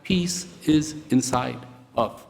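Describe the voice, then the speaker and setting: A man giving a motivational talk to prison inmates, speaking slowly and deliberately and asking many rhetorical questions. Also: medium pitch, vocal fry, darkish tone, a little hiss or hum. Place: prison hall. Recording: reverberant hall.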